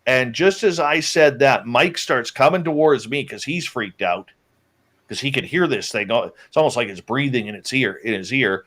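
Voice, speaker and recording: Male guest, mid-pitched, casual storyteller who acts out the dialogue. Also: moderate pace. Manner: lively, acts out the quoted lines of his companions. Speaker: guest telling an encounter story.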